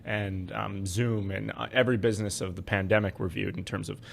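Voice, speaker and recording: A man co-hosting a finance podcast, talking in casual chat, wry and animated as he explains with frequent fillers. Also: lowish voice, brisk, creaky, a little hiss or hum. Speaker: podcast co-host, investment adviser.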